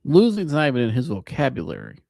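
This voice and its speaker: A man hosting a live sports reaction show, talking in an animated, casual, joking way with some swearing. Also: medium pitch, quick pace, creaky, noisy background. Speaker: sports podcast host.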